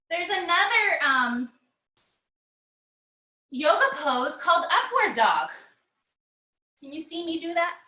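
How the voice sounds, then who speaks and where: A woman leading a children's yoga lesson, animated and encouraging, with sing-song storybook chanting as she greets kids by name. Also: very high-pitched. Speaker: kids' yoga teacher.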